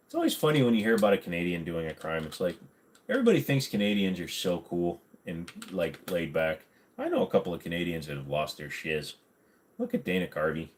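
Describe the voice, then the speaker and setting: A man hosting a casual livestream, reading chat and joking around, slipping now and then into goofy voices. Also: deep voice. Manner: chatty, jokey, slips into goofy voices.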